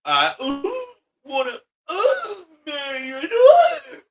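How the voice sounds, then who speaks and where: A man voicing a nervous teenage boy whose voice cracks and jumps high as he stammers and then shouts. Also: huge pitch swings, slow, heavily acted. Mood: nervous cracking. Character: nervous teenage boy asking a father for marriage.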